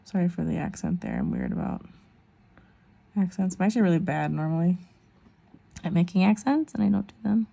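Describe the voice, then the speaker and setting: Gravelly low-voiced woman vlogger. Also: big pitch swings, brisk, pauses often, warm tone. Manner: chatty, rambling, self-deprecating asides. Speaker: nail vlogger. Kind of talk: casual tutorial chat.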